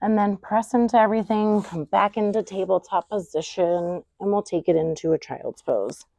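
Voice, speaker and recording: A woman yoga instructor giving calm, unhurried cues for poses and breathing. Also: medium pitch, creaky, no echo. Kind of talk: guided yoga class instruction.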